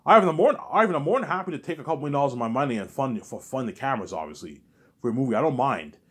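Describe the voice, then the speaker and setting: A man's voice: mid-range voice, animated, racing, fairly bright tone, husky. A man voicing a generous, reassuring veteran male film producer who keeps repeating the listener's name.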